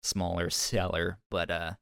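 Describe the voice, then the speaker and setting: Male podcast host, low smooth voice, hesitant chatter, dry close mic. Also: level tone, a bit bright, dry recording. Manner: hesitant, halting, many restarts. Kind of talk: casual chat.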